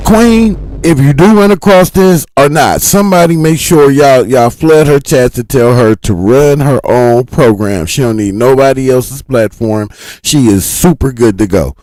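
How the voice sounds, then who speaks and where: A man's voice: medium pitch, unhurried, darkish tone, no echo, low-quality recording. Laid-back man hosting a reaction stream. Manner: laid-back, chatty, supportive asides. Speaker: reaction show host. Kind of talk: casual livestream commentary.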